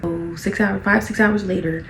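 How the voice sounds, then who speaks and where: A young woman talks through a tired home vlog, dramatic and self-mocking, with murmured asides. Her mid-pitched voice carries a gravelly fry. A faint hiss sits under it. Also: steady tone, moderate pace, reverberant. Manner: chatty, dramatic and self-mocking, drops to whispers. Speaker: vlogger. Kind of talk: casual vlog chat. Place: indoors at home while painting.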